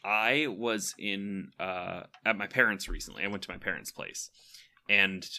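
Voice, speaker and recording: Young guy on a podcast, real bright tense voice, low-ish, chatty and excited. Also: unhurried, gravelly. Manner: rambling, enthusiastic, laughs often. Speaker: podcast co-host. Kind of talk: casual chat.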